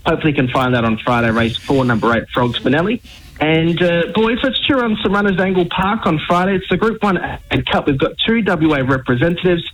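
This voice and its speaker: Man, Australian accent, greyhound tipster, upbeat, higher pitch. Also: fairly quick, a bit bright, low-quality recording. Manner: upbeat, rattles off names and prices. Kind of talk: racing tips on radio.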